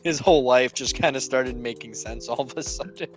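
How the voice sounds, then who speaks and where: A man's voice: medium pitch, fairly quick, faint music behind. A young man co-hosting a podcast, telling a story in a rambling, casual way and swearing often. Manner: rambling, swearing, quoting others. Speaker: podcast co-host.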